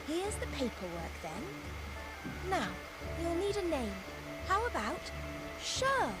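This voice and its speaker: A woman reading game dialogue aloud, voicing a spirited young female detective with a brisk, cheeky, matter-of-fact manner. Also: very high-pitched, huge pitch swings, voice pushed up, exaggerated voice. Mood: teasing. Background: game music.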